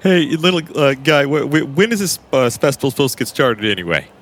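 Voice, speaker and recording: Man in tabletop role-play, blunt and teasing, mid-pitched, light background noise. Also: big pitch swings. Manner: blunt, teasing, quick to interrupt. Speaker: player.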